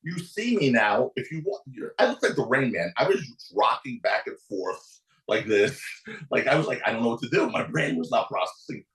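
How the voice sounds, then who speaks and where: This man, a guest attorney on a podcast, recounts a courtroom story at a normal speed, voicing its characters with dramatic pitch swings. The studio recording is rough and sounds roomy.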